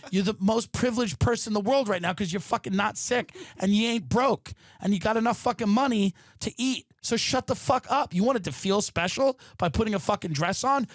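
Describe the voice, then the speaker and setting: A man's voice: high voice, dry recording, studio quality. A man hosting a podcast, delivering an exasperated, profane comedic rant from his apartment. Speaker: podcast host. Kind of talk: ranting comedic monologue.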